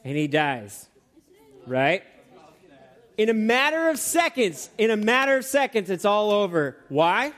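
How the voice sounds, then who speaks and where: A man preaching a sermon who tells stories in an animated way, with many fillers and restarts. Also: sits high, unhurried.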